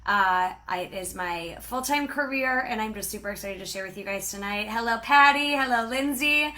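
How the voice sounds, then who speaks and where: A bubbly woman hosts a live-streamed sales training and rattles along in a quick, chatty way. Her voice is bright and forward and sits a little high. She speaks into a webcam or phone mic. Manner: bubbly and chatty, talks fast. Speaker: sales team director and trainer.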